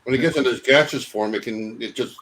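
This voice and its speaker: A man's voice: mid-range voice, fast, a bit bright, a little hiss or hum, low-quality recording. Emphatic man repeating himself. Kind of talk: casual group chat.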